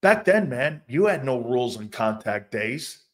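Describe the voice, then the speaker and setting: A man's voice: mid-range voice, a little slow. A man hosting a sports talk show, reacting to fan comments in a loose, profane way and laughing often. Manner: animated, laughing, profane, loud outbursts.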